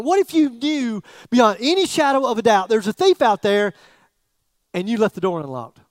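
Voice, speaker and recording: High-voiced preacher, conversational. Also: male voice, animated, no room sound. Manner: conversational, joking preacher with pauses and repeated phrases. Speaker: pastor. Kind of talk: sermon.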